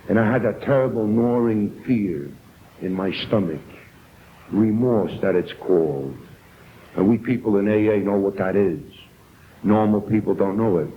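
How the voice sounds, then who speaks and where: Captured on a tinny old tape with slight background noise, an older man with a New York accent speaks in a mid-range voice. As an AA speaker, he earnestly recounts his own story and performs the voices of those he quotes.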